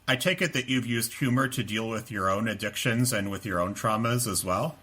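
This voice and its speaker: A low-pitched male host asks his guest short, direct questions. His voice is bright and forceful, with a husky grain. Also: a little fast. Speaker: podcast host, interviewer. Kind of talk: interview questions.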